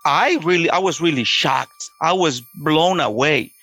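Earnest, halting man with a slightly high voice. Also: sharp tone. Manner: earnest, halting, with many restarts. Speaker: storyteller sharing a personal testimony. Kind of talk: emotional personal storytelling.

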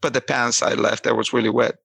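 Very gravelly man, bright tense tone. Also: mid-range voice, level tone, dry recording. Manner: halting, with restarts and repeated words. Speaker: storyteller recounting his own past. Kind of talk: personal testimony.

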